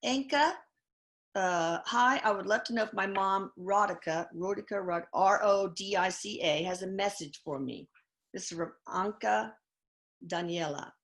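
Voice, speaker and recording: Woman host at a mid pitch, casual and hesitant, reading questions aloud with lots of fillers. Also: fairly bright tone. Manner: hesitant, many fillers, reads names haltingly. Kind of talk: casual live Q&A.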